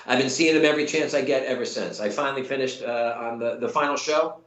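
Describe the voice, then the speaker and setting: Animated man telling a story, roomy echo. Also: medium pitch, fast talker, highs cut off. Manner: animated, many restarts and quoted voices. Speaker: actor guest. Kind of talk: casual storytelling.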